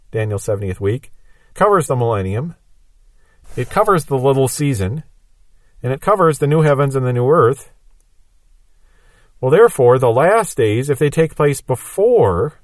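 Male Bible teacher, steady mid-range voice, patient explainer, dry close sound. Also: medium pitch, dry recording. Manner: patient explaining with everyday examples.

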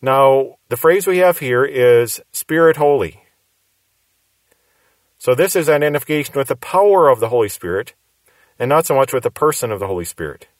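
A man's voice: medium pitch, animated, normal speed, dry recording. Man teaching scripture, dry close sound. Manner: explanatory, repeats key phrases for emphasis. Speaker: pastor teaching the Bible. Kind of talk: verse-by-verse Bible teaching sermon.

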